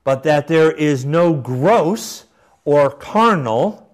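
A man reading aloud as an older Victorian bishop in a put-on English accent, in a slow, raised, declaiming voice. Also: on the high side, lively intonation, pitched above the performer's own voice. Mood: solemn declaiming.

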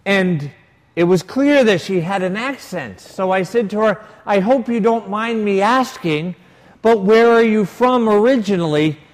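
High-voiced priest preaching in a reverberant hall. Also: male voice, a little slow. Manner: storytelling with quoted dialogue, varied emphasis. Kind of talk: sermon. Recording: long reverb of a large hall.

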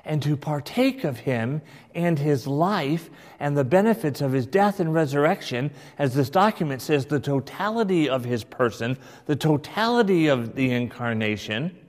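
A man as pastor teaching his congregation in a church, measured and emphatic, often checking in with "right?". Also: medium pitch, darkish tone. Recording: long hall reverb.

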